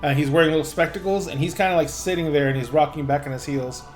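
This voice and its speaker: A man narrating as game master of a tabletop game, halting with fillers and self-corrections. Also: a little high, steady tone, soft background music.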